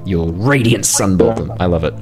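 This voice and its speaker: A man's voice: low voice, normal speed, music in the background. A man running a tabletop game as dungeon master, narrating the scene and counting out distances.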